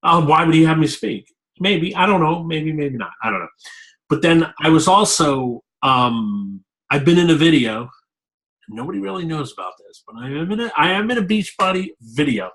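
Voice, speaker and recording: A man's voice: on the high side, big pitch swings, normal speed, a bit bright, rough recording. Rambling candid man being interviewed. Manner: rambling, candid, repeats himself. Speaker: interviewee, fitness coach. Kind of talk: casual interview talk.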